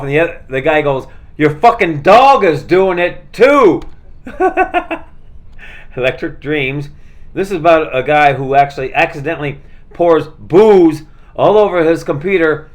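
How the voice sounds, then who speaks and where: A man chatting casually and rambling through his collection, with lots of fillers and restarts. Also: a little high. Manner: rambling, many fillers and restarts, laid-back. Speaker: vlogger showing his movie collection.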